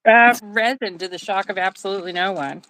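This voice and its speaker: Loud, bright-voiced woman chatting. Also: mid-range voice, a little fast, rough recording. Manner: loud, animated, laughs easily. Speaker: guest resin maker. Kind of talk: casual live-stream chat while crafting. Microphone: phone mic on a video call, close to the face.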